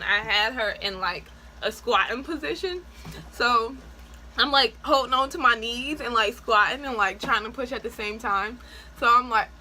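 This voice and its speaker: Woman vlogger, bright and slightly high, chatty and animated storyteller. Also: a little hiss or hum, low-quality recording. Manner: chatty, animated, frequent "like" and laughs. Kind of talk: casual personal storytelling.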